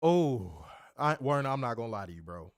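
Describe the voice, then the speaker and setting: A man's voice: medium pitch, sing-song, fairly quick, no echo, studio quality. A man reviewing a wrestling show in casual chat, ranting animatedly and swearing often.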